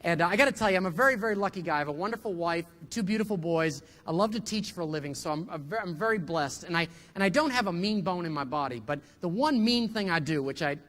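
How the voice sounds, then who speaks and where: A middle-aged man, a professor, giving a humorous keynote speech, an animated storyteller who jumps into loud voices for punchlines. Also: high voice, fast talker, few pauses, big-room sound.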